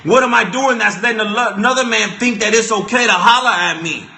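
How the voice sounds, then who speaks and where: High, bright-voiced young man ranting. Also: a little fast. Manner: animated, repetitive, stammering restarts. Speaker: vlogger. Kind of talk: comedic storytelling rant. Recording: echoey room.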